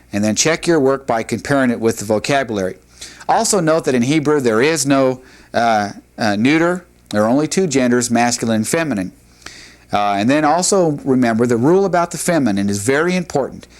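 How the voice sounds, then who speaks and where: A man teaching a recorded language lesson, patient and methodical, often pausing with "uh" and "all right". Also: mid-range voice.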